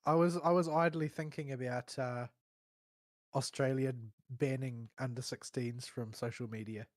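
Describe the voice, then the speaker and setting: A man's voice: medium pitch, steady tone, normal speed, dry recording. Opinionated man with a dry close voice. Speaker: podcast co-host. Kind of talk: casual chat.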